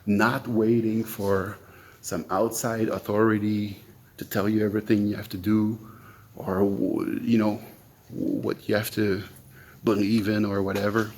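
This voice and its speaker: Slow, reflective male podcast host. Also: fairly low pitch, level tone, a little mellow. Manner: slow, reflective, explaining step by step. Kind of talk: solo monologue on ideas.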